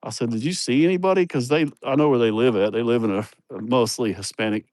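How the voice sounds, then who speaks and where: A man's voice: mid-range voice, fairly quick, darkish tone, dry recording. A man livestreaming outdoors on a handheld phone, telling joking, profane stories in casual chat. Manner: joking, blunt, profane storytelling. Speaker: livestream host. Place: outdoors at a building site. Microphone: phone held in hand.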